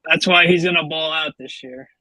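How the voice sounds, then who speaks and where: Guy, podcast regular, bright, slightly high voice, jokey, dry close mic. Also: rough recording. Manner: joking, quick reactions. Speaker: podcast co-host. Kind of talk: casual sports chat.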